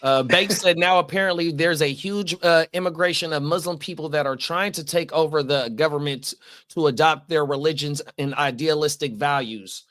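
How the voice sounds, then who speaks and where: A man's voice: a little high, normal speed, a bit bright. A man co-hosting a casual podcast, laid-back and slangy, who reads out viewer comments. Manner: laid-back, slang-heavy, repeats affirmations. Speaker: co-host reading chat comments.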